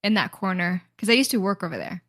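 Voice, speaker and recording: Expressive and quick-paced, a woman co-host chats casually on a podcast with a mid-range, fairly bright voice, laughing a lot and swearing casually. The studio sound is clean, with no echo.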